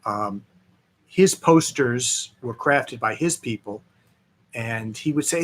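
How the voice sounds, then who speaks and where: A man, a film director, chatting as a guest and telling lively anecdotes with many fillers. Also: mid-range voice, slow pace. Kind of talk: interview storytelling.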